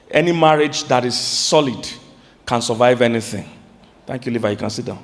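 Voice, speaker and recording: A Nigerian man preaching a sermon as pastor, animated, with sudden high outbursts and questions to his congregation. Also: moderate pace, in a large hall.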